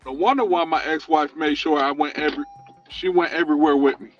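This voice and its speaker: A man who also drives deliveries, chatting casually in relaxed, boastful banter. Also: on the high side, brisk, highs cut off, faint music behind. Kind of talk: casual chat.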